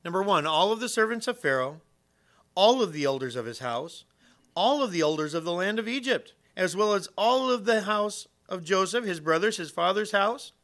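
A middle-aged male pastor delivers a sermon in a relaxed, conversational way, slipping in self-deprecating jokes. His voice sits slightly high and rings bright and forceful. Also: moderate pace.

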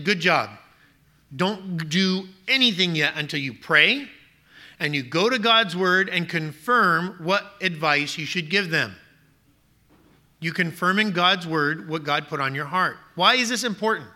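A pastor with a high, keen voice preaches from the pulpit in a sharp, cutting tone. He drives his point home through rhetorical questions and emphatic repetition.

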